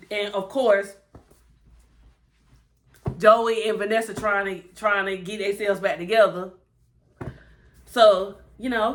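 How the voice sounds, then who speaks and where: Woman reviewer, animated and chatty, acts out lines while recapping an episode. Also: medium pitch, a little slow, pauses often. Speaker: TV show reviewer.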